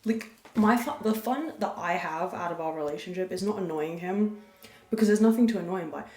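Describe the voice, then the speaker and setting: A young woman with a fairly low voice hosts her podcast in a loose, confessional ramble. She drops crude jokes but keeps her voice soft. The recording carries a noticeable room echo. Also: fairly quick. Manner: rambling, candid, crude jokes, talking softly. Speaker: podcast host. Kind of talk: casual confessional chat. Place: room at a farm. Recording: echoey room.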